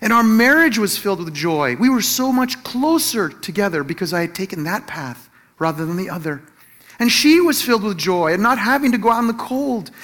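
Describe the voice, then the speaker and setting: Expressive and middle-aged, a Christian teacher or pastor with a very high voice addresses his listeners directly while preaching through a story from his own life. He stumbles and restarts with little laughs, dramatizes the quotes, and slows and softens when he makes his points.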